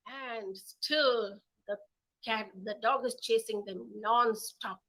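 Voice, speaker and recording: A woman with an Indian English accent telling a children's story in an animated, playful way. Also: on the high side, slow, low-quality recording. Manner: animated, playful voices and sound effects.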